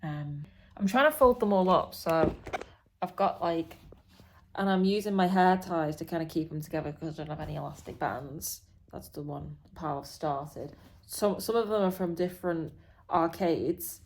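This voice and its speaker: A woman's voice: low voice, moderate pace, a little hiss or hum. A woman vlogging from a hotel room, rambling chattily with plenty of fillers. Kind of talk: casual chat to camera.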